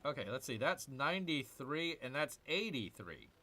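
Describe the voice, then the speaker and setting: Male gaming host, animated pitch, chatty with his viewers while he plays. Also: moderate pace. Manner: chatty, answers viewer chat while muttering over his moves. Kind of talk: casual let's-play commentary.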